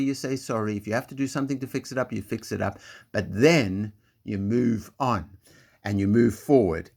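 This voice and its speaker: A man with a lowish voice gives a school assembly talk to young pupils. He speaks gently and simply, building up their confidence.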